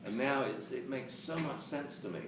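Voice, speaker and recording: A man giving a lively, jokey lecture on dog training to a live audience, acting out quotes as he goes. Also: mid-range voice, normal speed. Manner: animated, jokey, acts out quotes. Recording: roomy, distant camera mic with hiss.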